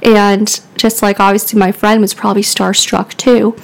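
A woman's voice: mid-range voice, level tone, moderate pace, gravelly, poor audio. A woman hosting a podcast, telling a story in casual chat. She rambles, fills her talk with "like" and laughs often. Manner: rambling, filler-heavy with frequent "like". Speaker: podcast host.

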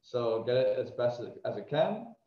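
A man from New Jersey, an author guesting on a podcast, talking casually in a smooth voice with a rambling, reflective manner and many restarts. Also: medium pitch, big pitch swings, normal speed, reverberant, muffled recording. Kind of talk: casual conversation.

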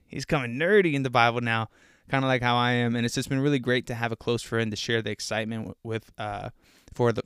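A man's voice: mid-range voice, fairly bright tone, smooth, no room sound, clean studio sound. A young man hosting a casual faith podcast, rambling earnestly with lots of fillers, a little out of breath. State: slightly out of breath. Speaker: podcast host.

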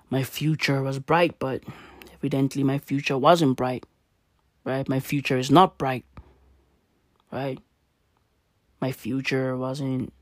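A woman doing a profane comedic rant, full of slang, swinging from loud outbursts to low mutters. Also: dry recording, studio quality. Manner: swears constantly, slangy, swings between shouting and muttering.

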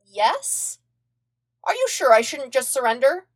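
A woman voicing an eager, excitable twelve-year-old boy monk in a podfic reading, pitched up high. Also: measured pace, husky, heavily acted. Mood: cheerful. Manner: earnest, excitable, high and bouncy. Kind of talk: podfic character voice.

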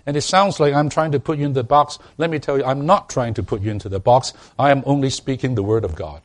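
A man's voice: medium pitch, brisk, few pauses. Stammering, emphatic male preacher. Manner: addresses the congregation directly with rhetorical questions. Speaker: pastor. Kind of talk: sermon.

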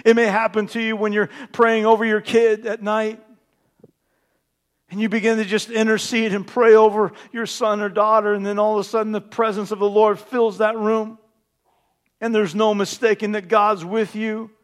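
A man preaching a sermon as pastor, swinging between hushed, intimate passages and loud, emphatic repeated declarations. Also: high voice, flat delivery, moderate pace.

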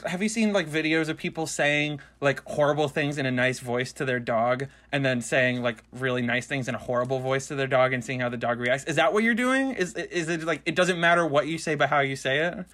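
A man's voice: mid-range voice, a little fast, few pauses, a bit bright. A man hosting playful comedic banter, questioning and critiquing a rap in a dry, skeptical way.

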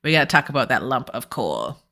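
Sarcastic woman with a lively, bright voice. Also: rumbling low, brisk. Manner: blunt, sarcastic, swears freely. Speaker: podcast co-host. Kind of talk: casual reality-TV recap chat.

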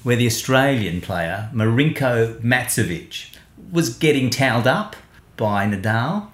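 A man's voice: medium pitch, lively intonation, slow, fairly bright tone. A man co-hosting a podcast, chatting casually about sport in a wry, amused way that thinks aloud. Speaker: podcast co-host. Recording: echoey room.

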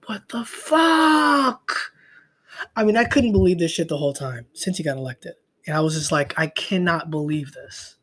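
A young man hosts a solo podcast in a high-pitched, gravelly voice. His casual rant is profane and rambling, often trailing off into mutters.

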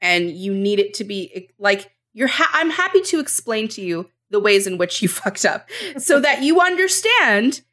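A woman's voice: medium pitch, big pitch swings, normal speed, pushed and bright. A woman co-hosting a casual podcast chat, opinionated and laughing as she argues her point. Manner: opinionated, laughing, acts out quotes. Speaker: podcast co-host.

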